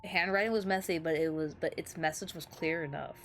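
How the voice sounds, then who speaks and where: A woman voicing a small, frightened young boy who narrates his own story in an earnest, soft way. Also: low voice, brisk, faint music behind.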